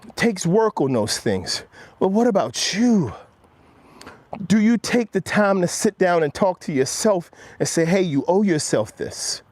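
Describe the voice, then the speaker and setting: Outdoors on a motivational walk-and-talk live stream, a man earnestly coaches viewers, speaking straight to them. His voice has big pitch swings and a measured pace with no echo, and it drops low and quiet when he quotes himself.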